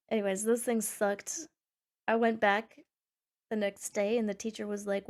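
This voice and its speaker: A young woman streamer reading forum posts aloud and reacting in a sarcastic, animated way, with sudden loud squeals. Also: a little high, normal speed. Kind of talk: casual reaction chat.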